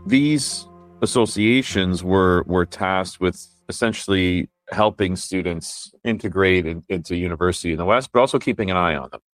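Very deep voiced guy explaining stuff carefully, dry close sound. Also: normal speed, no room sound, soft background music. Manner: thoughtful, explaining with restarts. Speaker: security expert interviewee. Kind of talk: explanatory interview.

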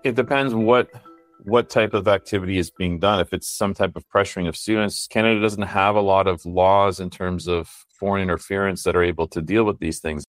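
A man's voice: sits low, fairly even intonation, a little fast, no echo, soft background music. A man interviewed as a security expert, explaining things thoughtfully.

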